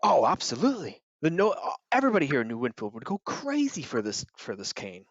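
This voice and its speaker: A man's voice: a little high, huge pitch swings, quick pace, no room sound, dull audio, full character voice. A woman voicing a gracious, flowery male chef who stumbles over his words. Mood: genial.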